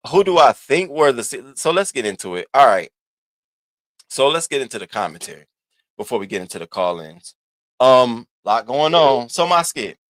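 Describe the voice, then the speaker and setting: A man's voice: mid-range voice, a bit bright, no echo. A man hosting a live stream, giving sassy, profane commentary and calling out viewers in the chat by name. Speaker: livestream host.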